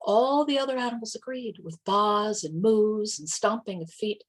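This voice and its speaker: A woman reading a children's animal story aloud during a church service, expressive and animated. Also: medium pitch, moderate pace, few pauses.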